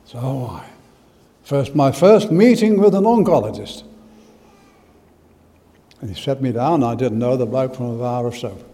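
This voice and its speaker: A man with an Australian accent preaching a sermon in church and telling a personal story. He stresses words with force, then drops to hushed asides. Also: mid-range voice, animated, measured pace, pauses often, long reverb tail. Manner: emphatic, swings from loud stress to hushed asides.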